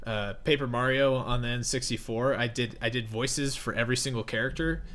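A young man co-hosting a podcast, chatting casually in an animated, joking way. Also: medium pitch, brisk. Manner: animated, jokey, laughs along. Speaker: podcast co-host and streamer.

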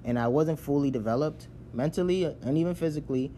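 A man's voice: on the high side, fairly quick, dark tone, a little hiss or hum. A man from Nigeria giving a casual explanatory talk, often checking in with "right?" and restarting his sentences. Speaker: speaker on immigrant identity.

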